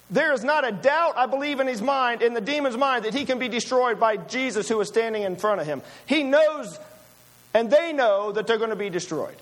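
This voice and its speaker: A man's voice: very high-pitched, lively intonation, normal speed. A man preaching a sermon, emphatic and full of rhetorical questions to his listeners.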